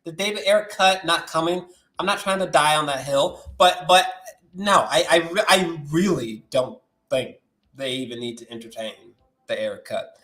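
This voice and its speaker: A man hosting a movie news vlog, ranting with lots of swearing and swinging from shouting to muttering. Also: on the high side, normal speed, roomy sound. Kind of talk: animated solo movie-news rant.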